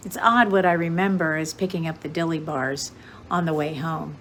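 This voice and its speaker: A woman's voice: sits low, steady tone, moderate pace, a bit bright, slight background noise. A woman in her seventies giving a grateful, reminiscing birthday tribute to her mother. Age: 70s. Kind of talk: prepared tribute speech.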